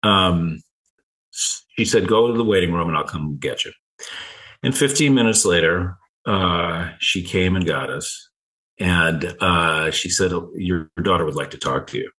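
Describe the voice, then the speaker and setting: Man, middle-aged, very deep voice, halting speech, repeats words, storytelling in an interview. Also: bright, forceful tone, low-quality recording. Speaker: guest. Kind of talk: personal story in conversation.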